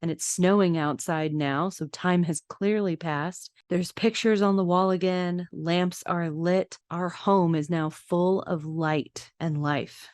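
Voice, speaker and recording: A woman's voice: fairly low pitch, fairly even intonation, slow pace, few pauses, a little mellow, smooth, no room sound, clean studio sound. A woman hosting a casual podcast, narrating film scenes in detail with chatty asides. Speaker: podcast host.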